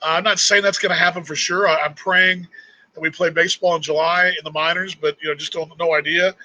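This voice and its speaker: A man's voice: on the high side, fairly even intonation, fast, bright, forceful tone, no room sound, muffled recording. A middle-aged man from Texas with a Texan accent, hosting a casual live chat in a rambling, chatty way. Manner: rambling, chatty, restarts often. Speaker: host.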